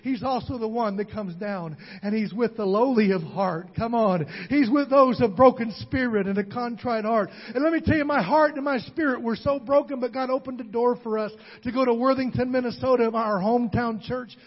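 In a church hall, a male pastor preaches a sermon, calling out to the congregation and repeating words as emotion builds. His voice is very high and husky, at normal speed with hardly any pauses. The recording is dull and reverberant.

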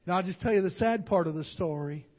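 Older preacher guy, pretty high voice, dull muffled recording, builds up to shouting amen lines. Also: fast talker, long reverb tail. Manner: call-and-response preaching, rising to shouts. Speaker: pastor. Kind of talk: sermon. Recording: dull lo-fi sound.

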